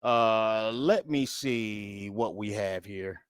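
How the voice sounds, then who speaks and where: A man's voice: on the low side, very slow, clear, resonant tone, dry recording, studio quality. A man hosting a reaction video, talking casually and directly to his viewers. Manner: casual, chatty, talks to viewers as guys. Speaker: host. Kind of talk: reaction commentary.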